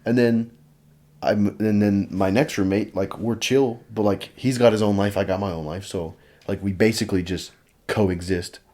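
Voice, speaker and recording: A man's voice: on the low side, steady tone, normal speed, warm tone. A young man hosting a podcast, chatting casually and rambling with lots of fillers. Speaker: podcast host. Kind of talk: casual chat.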